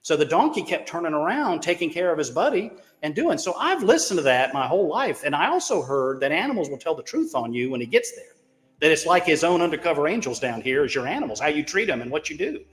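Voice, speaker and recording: A man with a fairly high voice, telling stories in a loose, folksy way. He swears freely and pokes fun at himself. The voice trails off into a long reverb. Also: sing-song, quick pace. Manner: profane, folksy and self-mocking. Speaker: caller on a crypto talk show. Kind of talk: casual rambling storytelling.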